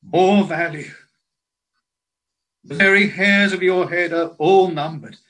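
Slow, earnest male preacher. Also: high voice, fairly bright tone, rough recording. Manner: slow, earnest preaching with old biblical phrasing. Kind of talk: sermon.

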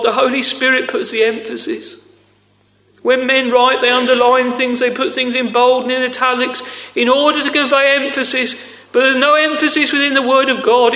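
A man preaching a sermon, earnest and deliberate, addressing his listeners as friends. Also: very high voice, pushed and bright. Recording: echoey hall with long reverb.

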